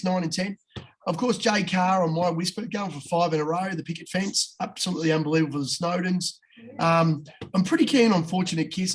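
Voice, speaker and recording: A man giving racing tips in casual, blokey chat, swearing freely. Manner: blokey, swears freely, talks fast with quick jumps in pitch.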